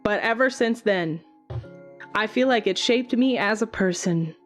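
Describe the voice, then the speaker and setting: A woman who is a singer, chatting casually in a Q&A video, retelling things with animated energy and plenty of swearing. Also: medium pitch, measured pace, faint music behind. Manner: animated, swears freely, many fillers. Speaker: singer and channel host. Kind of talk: casual Q&A storytelling.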